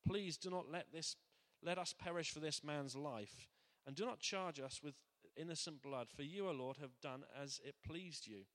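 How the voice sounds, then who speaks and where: A man's voice: a little high, moderate pace, a bit bright, lightly acted. A man voicing frantic pleading sailors. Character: frightened sailors pleading in a storm. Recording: long hall reverb.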